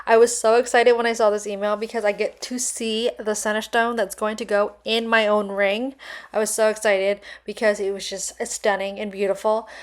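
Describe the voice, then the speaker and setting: A young adult woman narrating a casual vlog voice-over, gushing and effusive, chatty with lots of fillers. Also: medium pitch. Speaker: vlogger reviewing a purchase.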